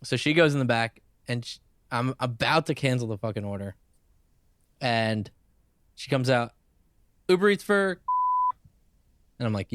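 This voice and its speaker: A man's voice: mid-range voice, no echo. Profane storytelling man, dry close mic. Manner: profane, animated anecdote-telling with laughs. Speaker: podcast co-host. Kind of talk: casual chat, storytelling.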